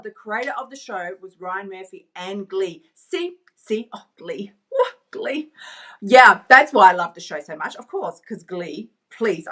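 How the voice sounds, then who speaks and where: A woman's voice: mid-range voice, sharp tone. A woman, a coach giving a live-stream pep talk, emphatic and repeating lines to drive home her point while she chats with viewers. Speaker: weight-loss coach.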